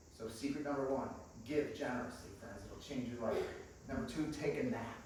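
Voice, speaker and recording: A man giving a sermon in a small church, telling stories and acting out the voices, swinging from quiet to loud. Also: fairly high pitch, a little hiss or hum. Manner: storytelling, acts out dialogue, swings from quiet to loud. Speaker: guest preacher. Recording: echoey church room, mic at a distance.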